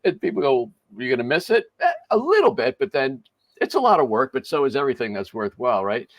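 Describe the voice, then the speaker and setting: An older man hosts a podcast interview in a relaxed, chatty way. He chuckles often and restarts his sentences as he tells a story. His voice sits in a middle pitch and sounds dry and close. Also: fast talker, no echo. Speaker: podcast host.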